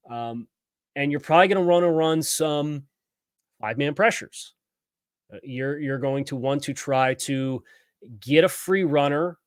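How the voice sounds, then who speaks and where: A man's voice: mid-range voice, no room sound, studio quality. A man hosting a sports podcast, reading ads and then breaking down football tactics in a conversational way. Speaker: podcast host.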